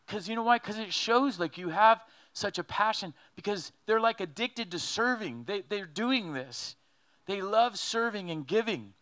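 A man preaching a sermon in an animated, joking way, acting out quotes as he goes. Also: high voice, moderate pace. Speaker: pastor.

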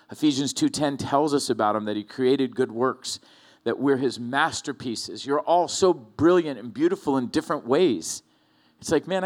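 A middle-aged man preaching to his congregation in an easy, talky manner. His voice sits at an ordinary middle pitch for a man. He drifts from plain teaching into acted-out lines and back. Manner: conversational, animated storytelling with acted-out quotes. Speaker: pastor. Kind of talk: sermon.

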